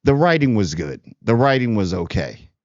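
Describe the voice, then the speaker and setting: A man's voice: on the low side, very animated, moderate pace, a little mellow, no echo, lo-fi sound. A man hosting a casual TV spoiler review, rambling and sarcastic. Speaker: TV review channel host.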